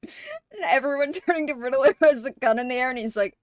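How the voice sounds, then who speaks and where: A woman hosting a livestream, chatting casually with viewers, laughing often and swearing freely in animated reactions. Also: high-pitched, fast talker, no room sound, studio quality. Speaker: livestream host.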